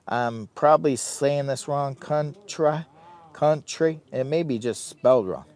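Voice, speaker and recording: A man's voice: medium pitch, moderate pace, a little mellow, no room sound. A man hosting a casual outdoor live stream from his campsite, chatting directly with viewers. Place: outdoors by a hot tent, windy campsite.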